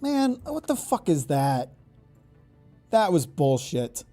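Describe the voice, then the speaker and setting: A man's voice: a little high, sing-song, slow, warm tone, faint music behind. A man giving casual gameplay commentary, exasperated and profane, stammering and repeating words as he reacts. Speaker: gaming YouTuber.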